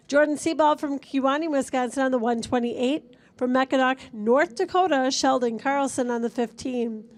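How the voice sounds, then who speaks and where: A woman announcing a race, briskly reading out drivers' names, hometowns and numbers. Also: high-pitched. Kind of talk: announcing a starting lineup.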